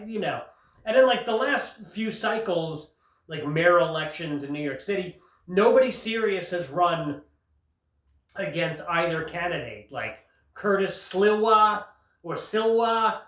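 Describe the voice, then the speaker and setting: A man's voice: high voice, very animated, measured pace. A male comedian hosting his show, riffing sarcastically in a rambling monologue and laughing at his own jokes. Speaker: comedian host. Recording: roomy sound, mic at a distance.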